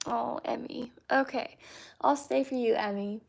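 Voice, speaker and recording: A woman chatting casually with her livestream viewers, halting and soft-spoken with many fillers and restarts. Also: a little high, fairly even intonation, vocal fry. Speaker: livestream host.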